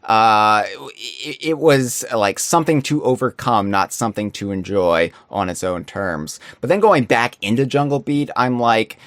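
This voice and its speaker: A man's voice: fairly low pitch, animated, measured pace, hardly any pauses, fairly bright tone, no echo, studio quality. A man talking as a podcast guest, reflective and earnest, explaining his views at length in casual chat.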